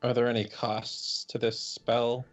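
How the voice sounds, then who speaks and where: A man's voice: medium pitch, monotone, measured pace, faint music behind. A man playing a tabletop game, asking cautious, hesitant questions. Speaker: player. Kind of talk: tabletop role-play chat.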